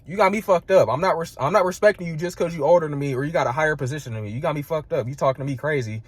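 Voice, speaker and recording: A man's voice: a little high, very fast, slightly rough, no room sound. Heated young man ranting, dry sound. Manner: heated, profane, emphatic; fills speech with "like" and "bro". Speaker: vlogger. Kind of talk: casual storytelling rant.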